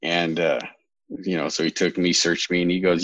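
A man's voice: sits low, flat delivery, normal speed, fairly bright tone, dry recording, highs cut off. A man in his thirties from California, a podcast guest telling his own story in a candid, rambling way, often correcting himself with a wry humor.

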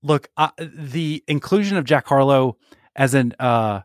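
A man's voice: mid-range voice, a little slow, dry recording, studio quality. Playful man co-hosting a podcast. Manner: leads the segments, playful, banters. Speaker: podcast co-host. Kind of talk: casual podcast chat.

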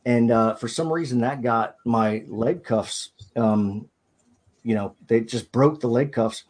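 A man, a podcast guest, recounting a personal ordeal in a halting, hesitant way, often restarting his sentences. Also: mid-range voice, a little mellow. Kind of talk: personal storytelling in an interview.

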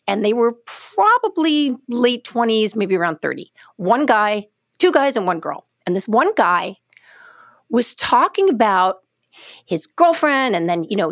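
A middle-aged woman co-hosting a podcast, telling stories in a casual chat with lively, halting restarts. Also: a little high, no echo, studio quality. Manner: animated storyteller, trails off mid-sentence. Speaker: podcast co-host.

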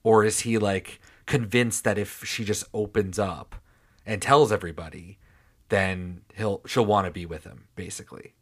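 Lower-voiced man, questioning co-host. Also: fairly even intonation, normal speed. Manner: questioning, trails off and restarts. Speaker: podcast co-host. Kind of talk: casual chat.

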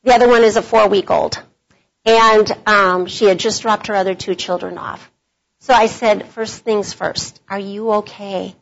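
A woman's voice: mid-range voice, steady tone, unhurried, creaky. A middle-aged woman speaking at a women's conference workshop, telling a personal story in a chatty devotional style with frequent laughs. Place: meeting room at a conference. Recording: dull lo-fi conference audio.

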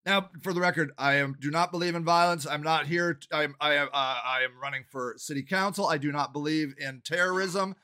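An older man who is running for city council delivers an angry, profane monologue, often shouting. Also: a little high, a little fast, hardly any pauses. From Ohio, United States. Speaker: city council candidate and activist.

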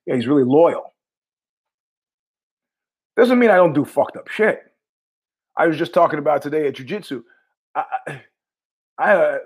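A man hosting his own show, telling rambling stories in a wry, profane monologue full of restarts. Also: fairly high pitch. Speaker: podcast host.

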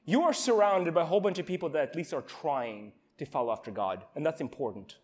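A young man giving an emotional, earnest informal sermon at a youth camp, with halting restarts. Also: fairly high pitch, expressive.

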